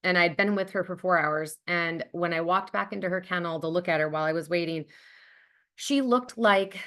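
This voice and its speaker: Woman on a webinar video call, lowish voice, upbeat and chatty, lots of ums and likes. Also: normal speed, fairly bright tone. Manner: enthusiastic and conversational, with frequent ums and likes. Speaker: charity program leader presenting on a webinar. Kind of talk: webinar presentation.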